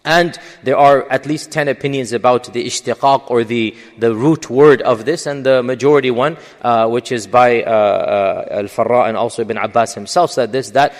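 A man's voice: mid-range voice, normal speed, few pauses, in a large hall. A man giving a religious lecture in English, explaining with emphasis and frequent fillers. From English-speaking. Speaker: Islamic lecturer.

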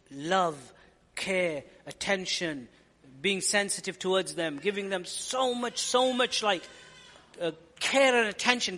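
Bright-voiced male preacher in a reverberant hall. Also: high voice. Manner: earnest, explanatory, repeats phrases for emphasis. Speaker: Islamic preacher. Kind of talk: sermon lecture.

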